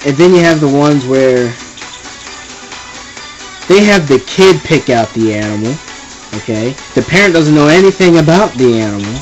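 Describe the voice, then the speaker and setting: A man's voice: a little high, lively intonation, moderate pace, pauses often, soft background music, rough recording. A young man ranting casually and with exasperation, rambling and repeating himself. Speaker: vlogger ranting. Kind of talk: casual rant to camera.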